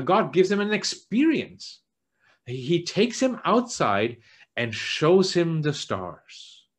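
A church elder preaches a sermon earnestly, often repeating words while he searches for the right phrasing. For quoted lines, his voice drops low and soft.

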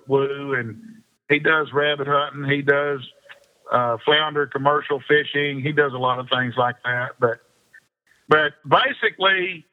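Man telling fishing stories, lo-fi. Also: fairly high pitch. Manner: rambling anecdotal storyteller, laughs often. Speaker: interview guest, fishing pro. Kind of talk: casual storytelling interview. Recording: dull lo-fi sound.

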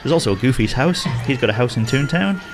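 A man's voice: mid-range voice, expressive, fairly quick, over music. A man giving a casual, rambling walking-tour commentary outdoors in a theme park, chuckling often as he talks.

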